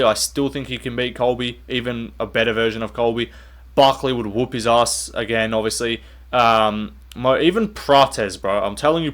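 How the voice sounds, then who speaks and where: Blunt, swearing young man ranting. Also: mid-range voice. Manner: blunt, swears often, says "bro", many fillers. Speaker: MMA commentator and channel host. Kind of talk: casual commentary rant.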